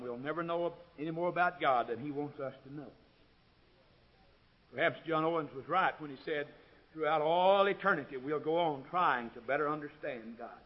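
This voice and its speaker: A man preaches in a high voice, building phrase by phrase to loud, ringing peaks before sinking back to a low, quiet tone. The recording sounds dull and lo-fi, like an old tape of a church service. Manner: swells to loud, ringing climaxes, then drops low and quiet. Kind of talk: sermon.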